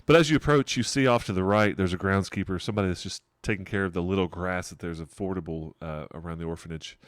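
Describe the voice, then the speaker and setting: A man's voice: sits low, fast, no echo, studio quality. A middle-aged man narrating a tabletop game as game master, describing scenes in a rambling, digressive way and chuckling often.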